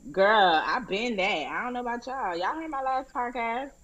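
A woman's voice: fairly high pitch, animated, moderate pace, a bit bright. A woman co-hosting a casual podcast, joking and teasing in loose slang. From New York. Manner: playful, joking, drawling slang. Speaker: podcast co-host. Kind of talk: casual chat.

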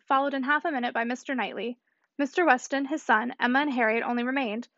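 Brisk high-voiced woman reading aloud. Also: fairly bright tone, no echo. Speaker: audiobook reader. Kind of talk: reading a classic novel aloud. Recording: slightly muffled dry recording.

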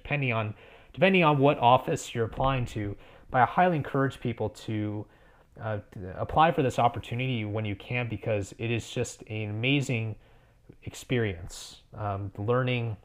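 A young man in his twenties speaks as a podcast guest, in a middle-pitched voice. He is earnest and encouraging, and he often stumbles and restarts his sentences as he thinks aloud. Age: 20s. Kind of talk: conversational podcast interview.

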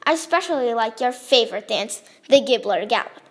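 A woman's voice: fairly high pitch, expressive, fairly quick. A woman voicing a sarcastic, impatient boy bully in a read-aloud story.

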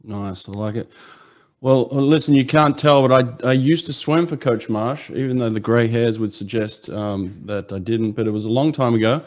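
A man's voice: mid-range voice, moderate pace, a little mellow. A middle-aged man hosting a casual interview, chatty and joking. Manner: jokey, chatty, laughs easily. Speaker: podcast host.

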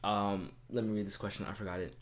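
A man's voice: lowish voice, flat delivery, fast. A young man co-hosting a casual chat show, talking in a playful, rambling way with bursts of mock indignation. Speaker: podcast co-host.

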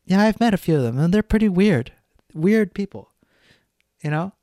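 A man's voice: high voice, lively intonation, moderate pace, dark tone, no echo, studio quality. Blunt, swearing man ranting solo. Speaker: podcast host. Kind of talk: solo podcast monologue.

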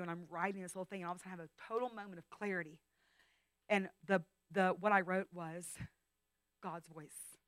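Female guest speaker, 30s, emotional testimony with hushed and loud moments, slightly low voice, dry close sound. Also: fairly even intonation, a little fast, no room sound, rough recording. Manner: intimate, emotional storytelling, swinging from hushed whispers to loud outbursts. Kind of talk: testimony talk. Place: training school session.

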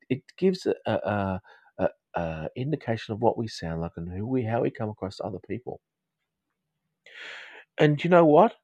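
A man's voice: lowish voice, a little mellow, no echo. A man hosting a live counselling chat, rambling and playful, with frequent restarts and jokes. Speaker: counselling host of a live audio show.

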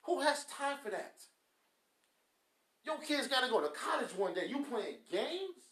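A man's voice: very high voice, expressive, normal speed, fairly bright tone. A man, hosting a podcast with a blunt, scolding motivational rant that mocks people with quacking. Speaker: podcast host. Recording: echoey room.

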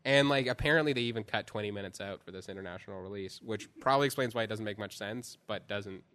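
A man's voice: fairly low pitch, fast talker, a bit bright. A man chatting casually as he reviews a film, rambling with lots of fillers and restarts. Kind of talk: casual chat.

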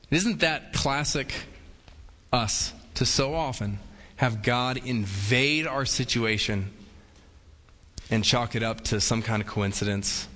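A pastor gives a sermon in a relaxed, chatty style, putting on playful voices when quoting. His lowish voice is bright and forceful, echoing with the long reverb of a big church hall.

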